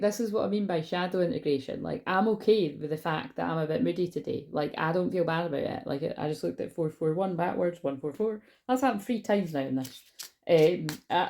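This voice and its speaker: A woman's voice: lowish voice, gravelly, dark tone. A woman giving a casual tarot reading on her vlog, rambling and chatty, swearing casually and often losing her train of thought, recorded on a phone. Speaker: tarot reader.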